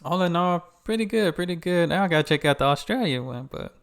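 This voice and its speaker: An American man hosting a reaction video, talking in a relaxed, chatty way. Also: on the high side, fast talker, gravelly, smooth. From United States. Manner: relaxed, chatty, laughs along. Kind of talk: casual reaction commentary.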